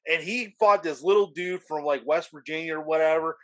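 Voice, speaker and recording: Man, somewhat high voice, easygoing, filler-heavy, casual podcast storytelling. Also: brisk. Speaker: podcast guest. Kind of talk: casual wrestling podcast chat.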